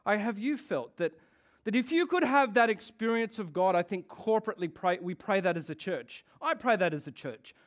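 A man with a notably high voice gives a sermon to his church. He talks in a casual, conversational way, throwing questions at the congregation and laughing often. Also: expressive, normal speed. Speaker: pastor.

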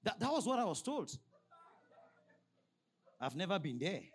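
A man preaching a sermon as pastor, prompting the congregation to finish his lines and reading scripture slowly and emphatically. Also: high voice, sing-song, slightly rough. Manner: call-and-response, prompting the congregation with "what?".

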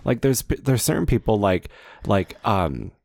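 Low-voiced man gossiping on a podcast. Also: a little slow, vocal fry, slight background noise. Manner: gossipy, animated storytelling with frequent laughs. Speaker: podcast co-host. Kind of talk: casual chat.

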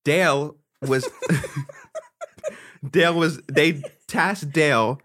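A man's voice: fairly high pitch, slow. A young man, co-hosting a podcast and telling a long story in casual chat, cursing and laughing as he goes. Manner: animated, profane, laughs through his story. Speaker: podcast co-host.

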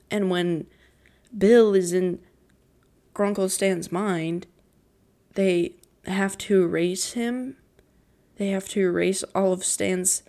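Slow-talking teen girl near tears. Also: on the low side, darkish tone. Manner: emotional, near tears, giggly, rambling with many "like"s. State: voice quaking on the verge of tears. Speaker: podcast host. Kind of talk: casual solo podcast recap.

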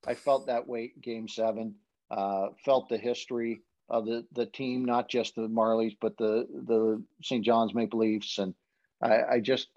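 A man in a casual podcast chat looks back on hockey broadcasting. He tells his anecdotes in a halting, rambling way, full of fillers and restarts. His voice sits in an ordinary middle pitch, and the recording sounds dull and lo-fi. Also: little pitch movement, a little mellow. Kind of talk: casual storytelling.

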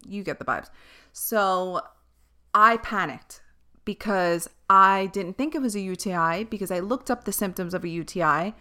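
Bright-voiced woman chatting candidly. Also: medium pitch, moderate pace. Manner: candid, swears freely, rambles on tangents. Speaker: podcast host. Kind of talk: casual chat.

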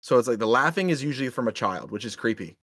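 Young male podcast co-host, lively storyteller, casual cursing, dry close sound. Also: mid-range voice, quick pace, no room sound. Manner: animated storyteller, swears casually.

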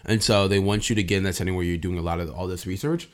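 A man's voice: low voice, rapid-fire. A young man, a kinesiology intern, telling stories in casual podcast chat, filled with "like". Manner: animated storyteller, lots of "like" fillers. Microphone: studio mic.

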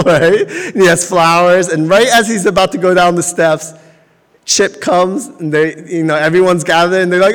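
A man's voice: sits high, moderate pace, fairly bright tone, big-room sound. A man in his forties preaching a sermon in a conversational, storytelling way, laughing now and then as he talks to the congregation. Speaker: pastor.

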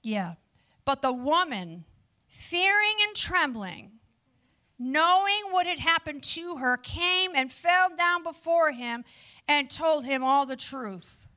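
A woman preaching a lively sermon to a live audience, with chatty asides to the listeners. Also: high-pitched, slow.

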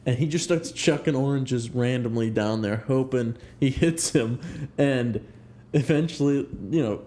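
A man's voice: medium pitch, measured pace, mellow, a little hiss or hum. Laid-back young man telling a story. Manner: laid-back, rambling, laughs through his stories. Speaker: podcast co-host. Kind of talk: casual storytelling chat.

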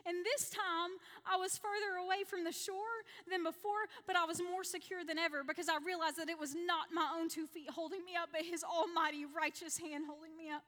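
A woman's voice: sits high, steady tone, moderate pace, sharp tone. A woman in her thirties giving an earnest personal testimony to a women's church gathering, repeating key lines for emphasis. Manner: earnest, repetitive, acts out her own prayers. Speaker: women's ministry leader and speaker. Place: church hall, women's evening. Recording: reverberant church hall.

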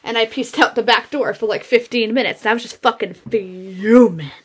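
A woman's voice: on the high side, normal speed, slightly rough. A young woman podcast co-host telling a work story in casual chat, blunt and swearing constantly as she vents. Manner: heavy swearing, blunt and venting.

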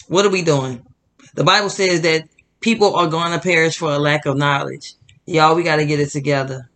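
A man's voice: a little high, sharp tone. A man hosting indignant religious commentary, talking straight to his viewers with emphatic repetition and a fired-up, preachy delivery. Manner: fired-up, preachy, addresses audience as "y'all". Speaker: Christian commentary host.

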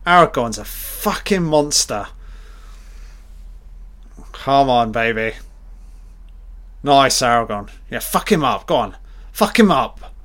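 A man doing a live film reaction commentary, excitable and swearing constantly as he blurts out reactions. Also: medium pitch, slow pace, pauses often.

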